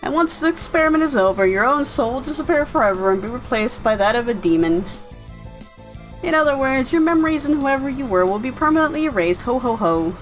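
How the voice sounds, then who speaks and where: A woman's voice: sits high, lively intonation, fairly quick, faint music behind, poor audio. A woman voicing a scheming, pompous male villain doctor who gloats with a theatrical laugh. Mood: gloating.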